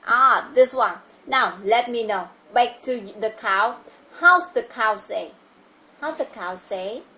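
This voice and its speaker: A woman's voice: fairly high pitch, expressive, slow pace, bright, forceful tone. A woman with a Vietnamese accent teaching a child English over a video call, patiently repeating her questions. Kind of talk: online English lesson for a child.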